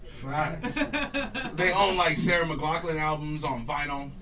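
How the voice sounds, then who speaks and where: A man from Los Angeles performs stand-up in a garage studio, his voice sitting a touch high. He swings from laughing shouts down to low mutters. He sounds a little off-mic, with a crowd laughing loudly around him. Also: a little slow, far from the mic. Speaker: stand-up comedian. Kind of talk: stand-up routine before a live audience. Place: garage studio with live audience. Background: audience laughing.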